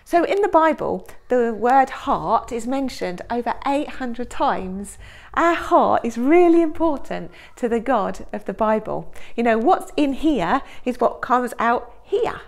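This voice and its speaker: A woman presenting a children's assembly and telling a story in an expressive way, dropping to hushed whispers and then rising to excited, louder bursts. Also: fairly high pitch, unhurried, vocal fry.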